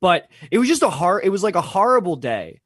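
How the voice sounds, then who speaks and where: A young man spins a story on a casual podcast, cursing freely and breaking into laughter. His pitch rises and falls a lot as he talks. The sound is close and dry with no room around it. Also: fairly quick, breathy edge, no echo. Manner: animated, swearing, laughing often. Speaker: podcast co-host.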